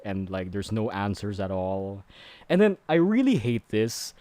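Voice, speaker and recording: A man's voice: fairly low pitch, sing-song, a little slow, mellow, no room sound. A man streaming a casual movie recap, rambling with many fillers and growing exasperated.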